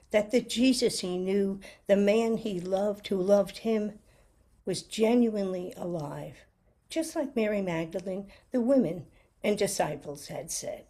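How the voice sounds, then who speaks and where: A woman delivers a sermon reflection, unhurried and earnest. Her voice is mellow and slightly husky, and she weaves a personal story into her preaching with gentle sincerity. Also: mid-range voice. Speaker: lay preacher giving a reflection.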